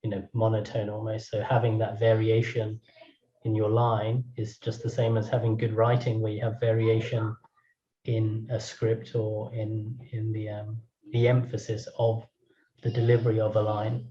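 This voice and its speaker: A man hosting a webinar, chatting with his guest in a thoughtful, halting way over a video call. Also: fairly low pitch, monotone, dark tone. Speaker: webinar host. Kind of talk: casual chat. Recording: dull echoey room audio.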